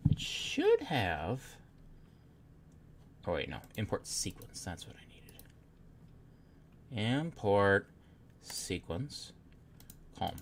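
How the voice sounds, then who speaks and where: A man's voice: low voice, a little hiss or hum. A man streaming live as he works at his computer, chatting casually, muttering to himself and swearing often.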